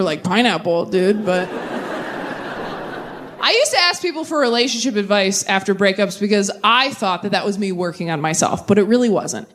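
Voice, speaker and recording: A young woman performing a stand-up comedy set on stage, landing deadpan punchlines and jumping to animated voices when she quotes people. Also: medium pitch. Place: comedy stage before a live audience.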